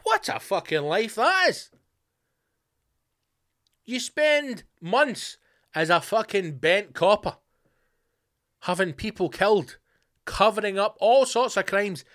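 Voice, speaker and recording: A Scottish man hosting his own podcast, ranting sarcastically with constant swearing, swinging between loud outbursts and low mutters. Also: sing-song, takes it slowly, long pauses. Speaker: podcast host. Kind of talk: profane comedic rant.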